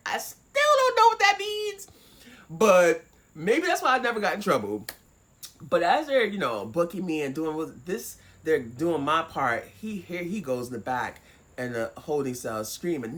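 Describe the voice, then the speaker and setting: A woman vlogger telling a personal story in a casual, animated way, swearing freely. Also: lowish voice, normal speed. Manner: animated, profane, acts out voices.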